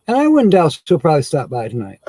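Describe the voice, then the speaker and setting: A man's voice: a little high, wildly swooping pitch, fast talker, warm tone, dry recording. A man hosting a casual live stream, rambling and chuckling often as he corrects himself.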